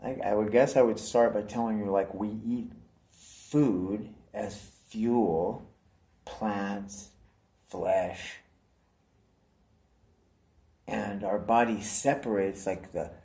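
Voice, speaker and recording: A man's voice: on the low side, steady tone, slow pace, warm tone. Rambling, profane male vlogger. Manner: rambling, profane, keeps saying "dude". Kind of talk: casual rambling monologue to camera.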